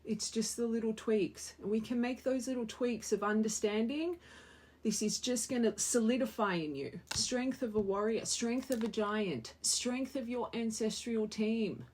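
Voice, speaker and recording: A woman's voice: fairly high pitch, unhurried, a little mellow, slight background noise. A young woman giving a spiritual tarot reading to her viewers, earnest and emotional, often repeating phrases for emphasis. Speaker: tarot reader.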